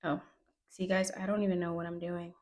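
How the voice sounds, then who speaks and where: A woman's voice: fairly low pitch, little pitch movement, brisk, darkish tone, rough recording. A woman vlogger chatting casually to camera about her week while counting out cash, with dry sarcastic asides. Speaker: budgeting vlogger.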